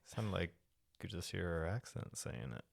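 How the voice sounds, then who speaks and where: A man with a deep, gravelly voice co-hosting a movie podcast. He chats casually and asks dry, probing questions. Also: steady tone, moderate pace, dry recording. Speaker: podcast co-host. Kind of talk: casual chat.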